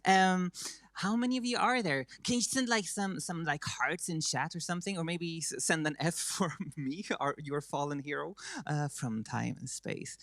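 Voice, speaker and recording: A woman's voice: low voice, normal speed, fairly bright tone, no echo. A woman with a Swedish accent, Swedish being her first language, hosting a live stage show in a chatty, self-mocking way with many fillers and restarts. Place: stage before a live audience.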